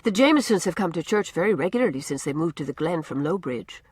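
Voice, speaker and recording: A woman's voice: fairly low pitch, expressive, fast, breathy edge, no room sound, clean studio sound. A woman voicing a dreamy, imaginative doctor's wife who speaks wistfully. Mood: teasing.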